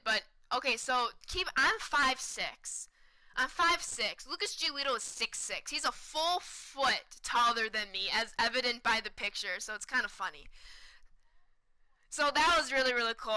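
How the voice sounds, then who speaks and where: Bright excited young woman streamer. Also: fairly high pitch, rough recording. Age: 20s. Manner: excited, chatty, repeats words for emphasis. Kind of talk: casual storytelling to stream chat.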